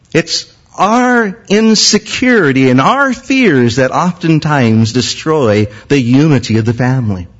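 A man, a senior pastor, preaching a sermon with an impassioned, repetitive cadence. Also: fairly high pitch. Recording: muffled lo-fi recording.

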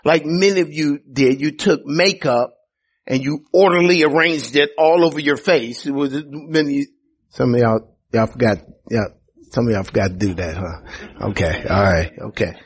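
A man's voice: medium pitch, moderate pace, husky. A male pastor preaching a sermon, emphatic and repetitive, with teasing asides to the congregation. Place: church sanctuary.

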